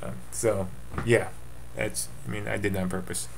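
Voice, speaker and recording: A man's voice: lowish voice, flat delivery, normal speed, vocal fry, a little hiss or hum. A man giving a casual webcam update as commissioner of his fantasy football league, offhand and rambling with jokey asides.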